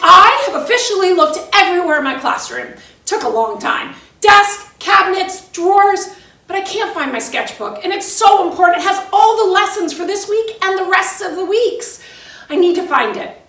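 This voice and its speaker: High, lively woman talking to herself. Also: moderate pace, far from the mic, soft background music. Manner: chatty, thinks out loud. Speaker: art teacher. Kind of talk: acted skit talking to herself. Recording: roomy echo, voice off the mic.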